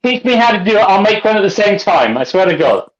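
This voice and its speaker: A tipsy man co-hosting a casual livestream chat, rambling and loud as he drinks. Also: high-pitched, sing-song, fast, a loud crowd. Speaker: co-host. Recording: dull lo-fi video call audio.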